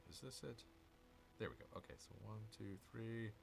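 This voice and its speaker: A man's voice: on the low side, moderate pace, vocal fry, background noise. A man hosting a casual let's-play, chatting with viewers and muttering to himself over his moves. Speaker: gaming channel host.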